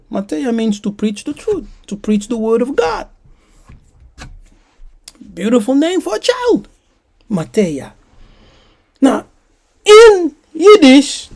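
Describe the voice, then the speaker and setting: A woman delivers an emphatic teaching sermon at an unhurried, deliberate pace. Her voice is warm and mellow. She keeps turning to her listeners with questions. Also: medium pitch. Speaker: preacher.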